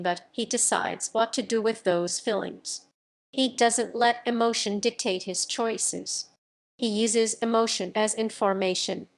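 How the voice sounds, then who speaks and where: A woman's voice: fairly high pitch, vocal fry. A woman reading a motivational self-help audiobook in a firm, emphatic way, with short punchy sentences. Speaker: audiobook narrator. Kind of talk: scripted motivational narration.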